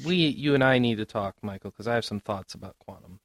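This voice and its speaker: A man's voice: on the low side, fast talker, a bit bright, no echo. A man hosting a casual gaming podcast, joking and laughing often. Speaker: podcast host.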